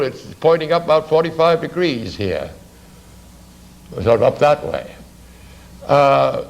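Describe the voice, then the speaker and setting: A man giving an art anatomy lecture while drawing, halting with many "you see" asides and dry remarks to the class. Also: on the high side, rough recording.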